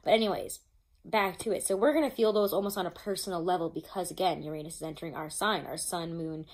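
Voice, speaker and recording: A tarot reader with a fairly low voice talks fast through a casual reading, chatty and loose, swearing freely. She reads from notes, stumbles over them, and restarts often.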